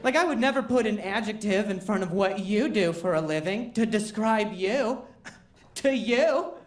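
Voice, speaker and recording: A man's voice: sits high, lively intonation, normal speed. Stuttering man doing wry stand-up. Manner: self-deprecating, wry. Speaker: stand-up comedian. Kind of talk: stand-up comedy set. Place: comedy stage before a live audience. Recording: roomy live venue with background noise.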